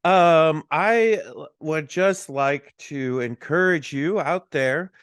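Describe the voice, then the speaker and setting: A man's voice: fairly high pitch, takes it slowly, a bit bright, smooth, no echo, clean studio sound. A man in his forties co-hosting a podcast in casual chat, telling stories animatedly and laughing often. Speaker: podcast co-host.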